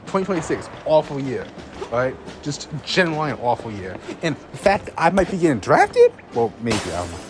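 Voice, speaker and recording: A man's voice: fairly high pitch, huge pitch swings, fairly quick, background noise. A young man telling a story in a casual vlog, exasperated and swearing, laughing between restarts. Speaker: vlogger.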